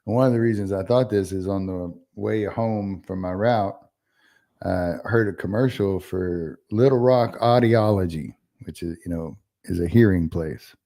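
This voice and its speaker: A man chats casually on a podcast. His voice sits low, and he rambles through long stories. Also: measured pace, vocal fry, mellow. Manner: rambling storyteller. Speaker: podcast co-host. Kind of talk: casual chat.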